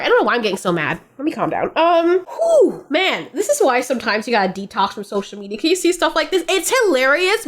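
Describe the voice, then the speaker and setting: A woman hosting reaction commentary, who rants in an animated way, swears and laughs. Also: high voice. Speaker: reaction video host.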